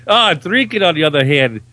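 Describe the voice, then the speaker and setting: A man's voice: a little high, lively intonation, moderate pace, sharp tone, no room sound. A man as a guest on a radio talk show, joking dryly and teasing the hosts. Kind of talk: casual studio banter.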